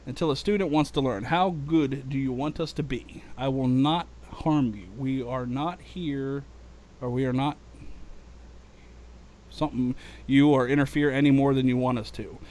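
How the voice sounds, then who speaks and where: Man reading as a calm, wry alien envoy. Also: medium pitch, moderate pace, close to an everyday voice. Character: calm, dry-witted male alien envoy.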